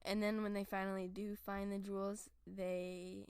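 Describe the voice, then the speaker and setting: A woman's voice: medium pitch, flat delivery, moderate pace, a little mellow, smooth, dry recording. A teenage girl co-hosting a podcast, chatting about a movie in a dry, blunt and reluctant way. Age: teens. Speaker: podcast co-host. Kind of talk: casual movie review chat.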